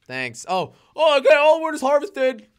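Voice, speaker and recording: A man's voice: very high-pitched, wildly swooping pitch, moderate pace. A young man streaming live gameplay, exclaiming and fretting aloud and answering his chat. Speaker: gaming streamer.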